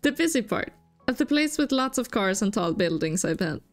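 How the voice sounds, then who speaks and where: A woman's voice: mid-range voice, very animated, moderate pace, soft background music. Girl reading a friendly curious villager in a cozy game, bouncy voice. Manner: reads the dialogue box aloud. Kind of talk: reading game dialogue aloud.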